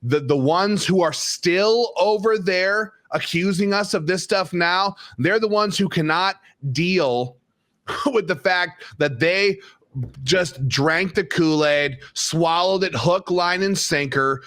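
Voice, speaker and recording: A man's voice: high voice, slow pace, a bit bright. Emphatic rambling male podcast co-host. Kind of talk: opinionated political talk.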